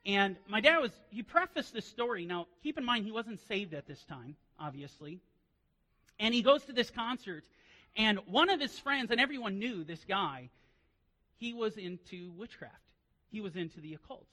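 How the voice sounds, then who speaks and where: A man preaching a sermon as pastor, telling stories in quiet asides and then rising into loud, emphatic preaching. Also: high voice, expressive, normal speed, rough recording.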